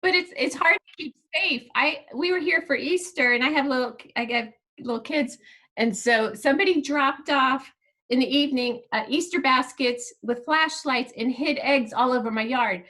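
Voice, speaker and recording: A female comedian on a video call, telling lively stories in a casual chat. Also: sits high, moderate pace. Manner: lively storytelling. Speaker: comedian guest.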